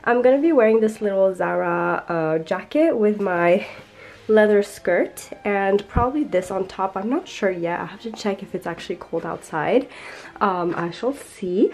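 A woman's voice: mid-range voice, lively intonation, moderate pace, darkish tone, poor audio. A young woman vlogging casually to a handheld camera, chatty and full of fillers, sick with a heavy cold. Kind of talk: casual vlog talk to camera.

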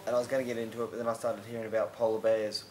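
A woman's voice: extremely low pitch, flat delivery, racing. A woman contestant in a reality TV house, bantering with housemates late at night, laughing, teasing and swearing freely. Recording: echoey room with background noise.

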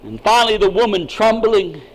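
A pastor, an older man, preaching a sermon in an emphatic style that swings from quiet asides to shouting. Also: high-pitched, animated, moderate pace, rough recording.

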